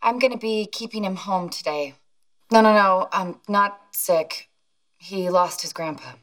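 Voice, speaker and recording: A woman's voice: medium pitch, a little slow, close to an everyday voice. An actress playing a wisecracking young mother who works as a waitress, with dry sarcasm. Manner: sarcastic, deadpan. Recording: noisy sitcom broadcast audio.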